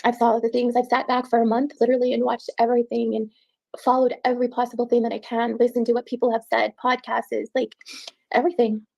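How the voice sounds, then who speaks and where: Husky, halting woman telling her story. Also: on the high side, level tone, a little mellow, poor audio. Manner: halting, repeats words, distressed. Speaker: interviewee. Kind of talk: emotional personal account.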